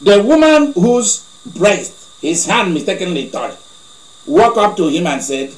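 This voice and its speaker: Brief: high-voiced male preacher, animated storyteller, echoey room. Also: unhurried. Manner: animated storyteller, laughing asides. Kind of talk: sermon storytelling.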